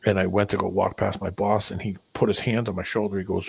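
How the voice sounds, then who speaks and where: A man's voice: fairly low pitch, huge pitch swings, brisk, vocal fry, slightly rough. A man hosting a casual stream chat, telling stories and acting out what people said, swearing casually. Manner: storyteller who acts out voices, swears casually. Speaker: stream host.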